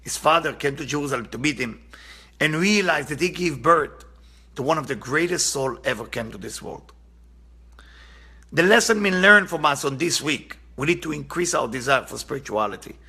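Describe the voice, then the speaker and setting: Gravelly, husky man teaching Kabbalah. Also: fairly high pitch, animated, moderate pace, bright, forceful tone. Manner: earnest, impassioned, repeats for emphasis. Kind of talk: spiritual lesson with storytelling.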